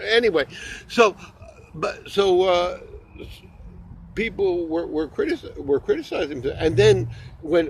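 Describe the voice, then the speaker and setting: A man's voice: fairly high pitch, darkish tone, slight background noise. A man doing a rambling comedy monologue, full of stammered restarts and jokey asides.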